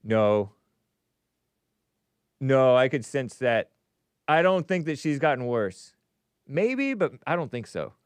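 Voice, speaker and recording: A man's voice: medium pitch, sing-song, takes it slowly, long pauses, clean tone, no room sound. A man hosting a casual livestream show, reading viewer messages aloud and answering them in a chatty way, laughing often and muttering asides under his breath.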